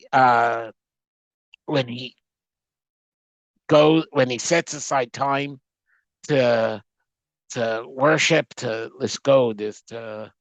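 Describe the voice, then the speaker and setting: Slow, halting man translating a text. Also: medium pitch, no echo, rough recording. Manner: halting, restarts words while translating aloud. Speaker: Torah teacher. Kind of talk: text study class, translating line by line.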